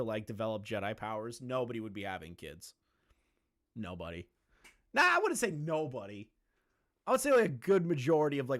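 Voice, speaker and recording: A male streamer talks to his chat in a crude, mocking, excitable way. His pitch swings widely from low mutters to high bursts, and he swears freely. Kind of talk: live-stream commentary.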